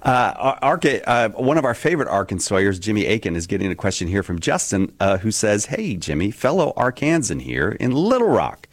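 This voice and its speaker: Joking, lively-voiced male radio host. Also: fairly low pitch, a little fast, few pauses, no echo. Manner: joking, self-mocking, laughs often. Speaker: guest host. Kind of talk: casual radio call-in chat.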